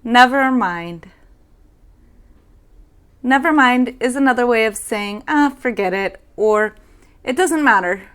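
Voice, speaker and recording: Young woman English teacher, higher voice, unhurried and careful, models each phrase. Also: lively intonation, fairly bright tone, clear, resonant tone. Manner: slow, careful demonstration of phrases. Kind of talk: language lesson.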